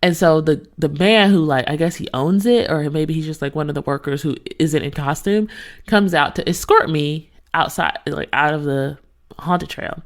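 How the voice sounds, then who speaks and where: A woman in her thirties hosting her own podcast, telling a story in a casual, expressive way and talking straight to her listeners. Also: low-pitched, normal speed. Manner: animated, expressive, talks to listeners directly. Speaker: podcast host.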